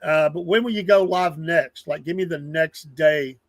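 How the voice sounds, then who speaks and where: A man's voice: fairly high pitch, normal speed, dry recording. A man, hosting a casual live stream, rambling earnestly and greeting viewers from the chat by name. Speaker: livestream news show host.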